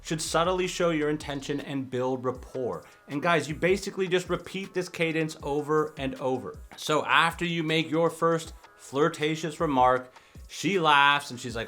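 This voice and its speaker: A young man, a dating coach, talking casually to camera in an advice vlog and slipping in quick acted example lines. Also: on the high side, a bit bright. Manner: conversational, acts out example lines in quick asides.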